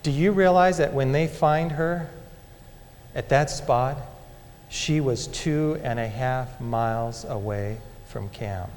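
A man preaching a sermon as a dramatic story, moving between loud and hushed delivery. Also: medium pitch, slow pace, a little hiss or hum. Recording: long hall reverb.

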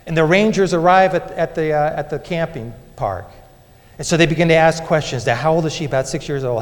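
A man preaching a sermon as a dramatic story, moving between loud and hushed delivery. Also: a little high, fairly quick. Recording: long hall reverb.

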